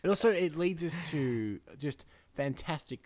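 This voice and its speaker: A man's voice: fairly high pitch, animated, unhurried, a little mellow. A young man co-hosting a podcast, with dry, playful sarcasm and mock-formal announcements. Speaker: podcast co-host. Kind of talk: casual podcast banter.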